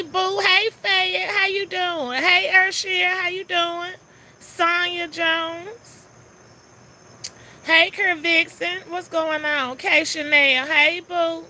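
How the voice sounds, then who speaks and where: High, bright-voiced sassy woman streamer. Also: a little hiss or hum. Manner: chatty and sassy, greeting viewers one by one. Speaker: live streamer greeting chat viewers. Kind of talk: casual live-stream chat.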